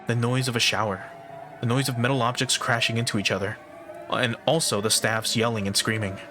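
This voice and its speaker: A man streaming a game, reading visual novel text aloud in steady first-person narration with small stumbles. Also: mid-range voice, brisk, background noise. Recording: game music in background. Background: game music.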